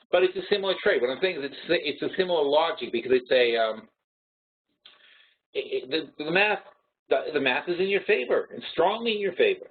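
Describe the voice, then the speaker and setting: A man's voice: a little high, animated, moderate pace, pauses often, slightly rough. A man hosting a trading webinar, talking bluntly and working through numbers aloud with frequent restarts. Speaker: webinar host. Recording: tinny phone-like audio.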